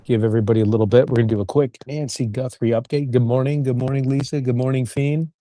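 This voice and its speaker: A man's voice: mid-range voice, fairly even intonation, mellow, a little hiss or hum. A man hosting a livestream, greeting viewers one after another and introducing an update. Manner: rapid-fire greetings to chat. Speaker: livestream host.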